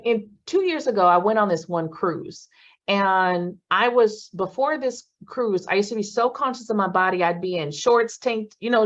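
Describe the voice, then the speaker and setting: A woman's voice: medium pitch, highs cut off. Blunt, cursing woman leading a class. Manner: blunt, swears freely, animated bursts. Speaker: class facilitator. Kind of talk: casual motivational class talk.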